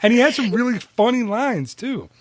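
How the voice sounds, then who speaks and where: A man hosting a casual podcast chat into a studio microphone, animated and laughing often. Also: very high voice, normal speed, crowd noise. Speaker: podcast host.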